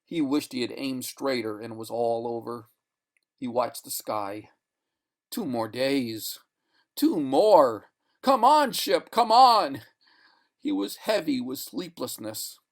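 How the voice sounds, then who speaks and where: A man reading a short story aloud in a deliberate, expressive narration. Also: medium pitch, vocal fry. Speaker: reader. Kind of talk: audiobook narration.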